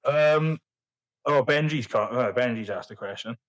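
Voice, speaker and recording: A man's voice: mid-range voice, a little slow, no echo, low-quality recording. Rambling, sweary young man. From Wales. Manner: rambling storyteller, swears freely, self-mocking. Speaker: podcast guest. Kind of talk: casual chat.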